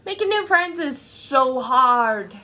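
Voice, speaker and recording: A young woman putting on a panicky teenage girl, pitched up high and whiny, on the verge of tears. The voice leaps around wildly as she frets. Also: lively intonation, slow pace, bright, forceful tone, exaggerated voice. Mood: nervous. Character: panicky girl moving away, teen, anxious.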